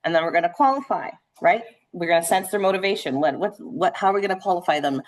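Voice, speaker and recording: Woman sales coach, lowish voice, quick animated delivery, conversational teaching tone with lots of check-ins. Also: a little hiss or hum. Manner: fast-talking and animated; conversational, frequent "right?" checks. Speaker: real estate trainer. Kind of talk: live sales training session.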